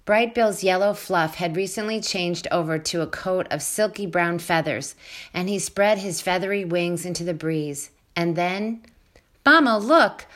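A woman reading a children's novel aloud with clear, steady storytelling. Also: on the low side, normal speed. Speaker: storybook reader.

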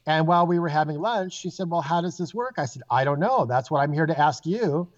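Fairly quick and fairly high-pitched, a male psychic guest narrates casual anecdotes with animation, imitating the people he quotes. The recording quality is dull and lo-fi.

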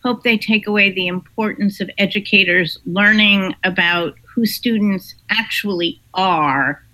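A woman author answering interview questions in a measured, explanatory way. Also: medium pitch, pushed and bright, low-quality recording. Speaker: author and guest.

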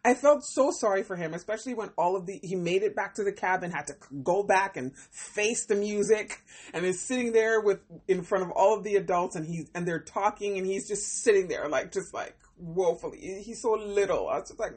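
A woman hosting a podcast that reviews a TV series, talking casually in an animated, expressive way, often exclaiming and laughing. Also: medium pitch, brisk, slightly rough.

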